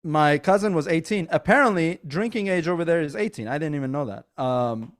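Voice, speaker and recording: A man hosting a casual podcast, a comedian telling animated stories with lots of fillers and laughs. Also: fairly high pitch, a little fast.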